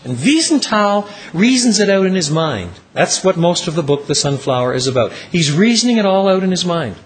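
A man preaching a sermon with dramatic storytelling, dropping low and slowing down on key words. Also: very animated.

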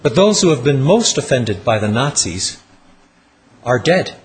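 A man preaching a sermon with dramatic storytelling, dropping low and slowing down on key words. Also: big pitch swings.

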